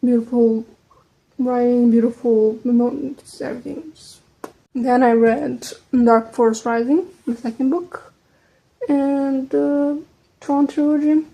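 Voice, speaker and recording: A young woman who speaks English as a second language, with a slight American lean, chatting casually and quickly as a book vlogger, trailing off into soft asides. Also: high voice, flat delivery, creaky, dull audio. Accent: American-leaning English, second language. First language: not English. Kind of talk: casual chat.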